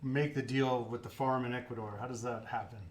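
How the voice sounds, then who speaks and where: A man's voice: medium pitch, steady tone, a little fast. A man hosting an interview, asking playful, teasing questions. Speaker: host. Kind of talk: casual interview. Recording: clear background noise.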